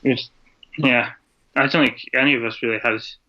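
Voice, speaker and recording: Brief: Scottish-born male guest on a video call, bright flat delivery, muffled lo-fi audio. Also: medium pitch, moderate pace. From Scotland. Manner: rambling, hesitant, laughs often. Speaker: podcast guest, drummer. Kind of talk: casual interview chat. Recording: dull lo-fi internet call audio.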